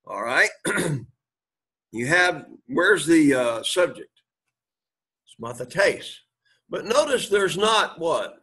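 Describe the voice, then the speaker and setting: A man teaching a Greek class, reading Greek aloud, translating it and quizzing his students, often clearing his throat. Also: a little high, very animated, slow pace, pauses often, sharp tone. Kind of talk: classroom lecture.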